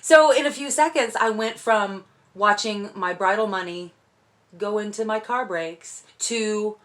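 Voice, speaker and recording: Young woman vlogging at home, excitable, gushing, laughs at herself. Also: medium pitch, a little slow. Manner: gushing, emotional, self-deprecating. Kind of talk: excited unboxing vlog. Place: home indoors.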